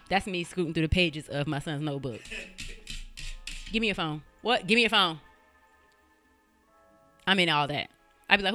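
A woman's voice: sits low, sharp tone. A woman hosting a podcast, telling a true-crime story in a casual, blunt way and swearing freely. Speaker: podcast host.

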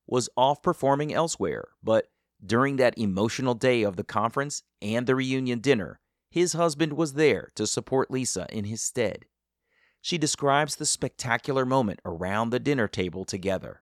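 A man hosting an interview and narrating the story between clips, calm and measured. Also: medium pitch, no echo, studio quality. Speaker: podcast host and narrator.

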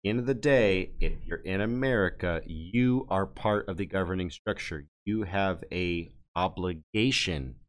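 A man hosts a casual podcast panel in a fairly low voice. He talks in a folksy, easygoing way, often restarting a phrase and dropping in fillers as he introduces his guests. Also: a little slow, hardly any pauses. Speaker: podcast host.

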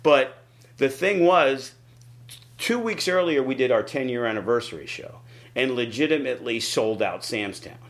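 Animated man telling an excited story. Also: normal speed. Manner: animated, acts out quotes with big pitch jumps. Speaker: wrestling promoter. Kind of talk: casual interview storytelling.

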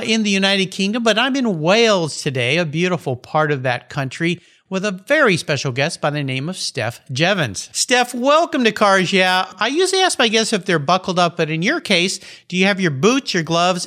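Animated, upbeat male podcast host. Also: high-pitched, moderate pace, few pauses. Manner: enthusiastic, animated, playful. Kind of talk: upbeat podcast interview and ad read.

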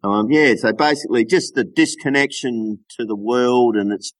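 An Australian man, a lure maker, chatting casually on a call in a relaxed, joking way full of local slang. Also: mid-range voice, moderate pace, no echo. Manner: laid-back, joking, uses local slang. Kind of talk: casual chat over a call.

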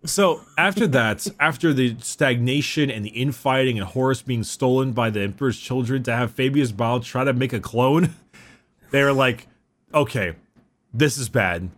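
A man's voice: medium pitch, normal speed, a bit bright. A man hosting a podcast, chatting casually and stumbling over names with laughs. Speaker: podcast host. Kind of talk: casual chat.

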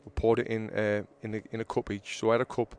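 Animated man telling stories. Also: fairly low pitch, fast talker, clear, resonant tone. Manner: animated storyteller who acts out arguments loudly. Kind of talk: casual chat, storytelling.

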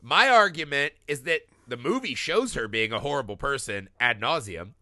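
A man's voice: mid-range voice, animated, moderate pace, sharp tone, dry recording, studio quality. A man co-hosting a casual film podcast, ranting animatedly, swearing often and laughing as he talks. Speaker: podcast co-host. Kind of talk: casual profane film discussion.

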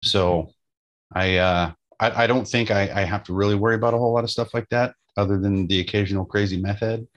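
A man's voice: lowish voice, steady tone, fast talker, lo-fi sound. A man who works as a jail deputy, talking bluntly and casually about the job in a podcast chat.

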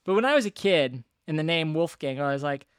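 A man co-hosting a casual movie podcast, chatty and excitable, quick to laugh. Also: fairly high pitch, clean tone, dry recording, studio quality. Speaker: podcast co-host.

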